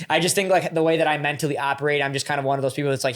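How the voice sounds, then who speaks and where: A man's voice: a little high, fairly even intonation, rapid-fire. A young man in his twenties, a wrestler guest in a casual interview, rambling and filling his talk with "like" and "you know".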